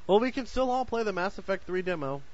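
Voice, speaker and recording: A man's voice: high-pitched, animated, fast, a little mellow. A young man co-hosting a casual podcast, laughing often and teasing his friends. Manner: giggly, teasing banter. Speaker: podcast co-host. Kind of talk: casual chat. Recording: dull lo-fi podcast recording.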